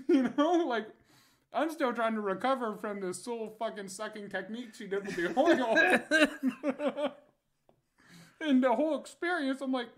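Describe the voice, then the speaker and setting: A man's voice: very high voice, unhurried, fairly bright tone. A young man and podcast co-host telling a crude story in casual chat, laughing often.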